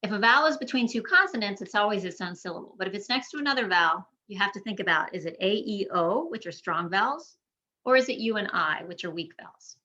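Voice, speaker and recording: A woman gives an online pronunciation lesson in a bright, clear voice. She draws out example words slowly and deliberately for learners to repeat. The audio is slightly dull and lo-fi. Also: medium pitch, expressive. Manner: slow, deliberate modeling of words for repetition. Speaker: Spanish teacher. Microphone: screen-share recording.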